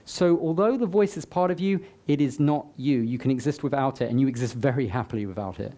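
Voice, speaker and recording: Man, motivational stage talk, mellow relaxed tone, chatty, joking asides, live audience event. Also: mid-range voice, brisk. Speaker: summit speaker.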